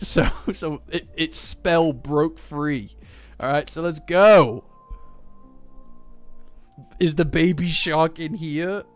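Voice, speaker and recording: A man hosting a casual chapter reaction, breaking into heated, cursing outbursts between calmer reflective stretches. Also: fairly high pitch. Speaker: manga reaction host. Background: faint lofi background music.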